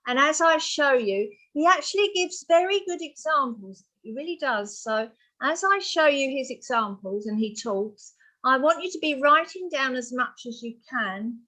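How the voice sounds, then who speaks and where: A woman's voice: sits high, bright, forceful tone. A woman tutoring for an English exam, patiently explaining word meanings to a student. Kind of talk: one-on-one vocabulary lesson.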